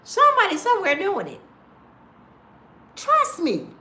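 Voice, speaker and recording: Blunt, animated woman in her fifties. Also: very high-pitched, unhurried, roomy sound, slight background noise. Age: 50s. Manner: blunt, profane, animated storytelling. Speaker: online commentator. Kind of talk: casual rant to viewers.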